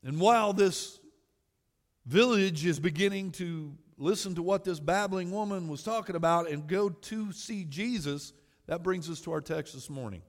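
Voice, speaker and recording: A man preaching a sermon as pastor, swinging from shouted exhortation to quiet storytelling. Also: high-pitched, normal speed. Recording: long hall reverb.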